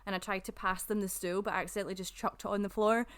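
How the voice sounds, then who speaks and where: A woman's voice: medium pitch, fast. A young woman with a Scottish accent tells travel stories on a casual podcast. She talks animatedly, breaks into laughter and acts out what people said. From Scotland. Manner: animated storyteller, laughs often, acts out quotes. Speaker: podcast co-host. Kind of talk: casual chat.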